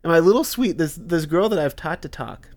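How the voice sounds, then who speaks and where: A man's voice: fairly high pitch, fairly quick, dry recording. A young man, co-hosting a podcast in casual chat, telling stories animatedly and acting out quotes. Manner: animated storyteller, acts out quotes. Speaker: podcast co-host.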